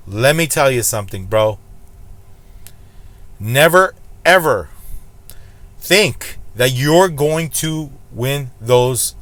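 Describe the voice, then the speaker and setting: A man talks casually to his viewers about gambling. He is blunt and preachy and says the same warning over and over to make it stick. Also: medium pitch. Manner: blunt, preachy, emphatic repetition. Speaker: slots channel host. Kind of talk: casual vlog commentary.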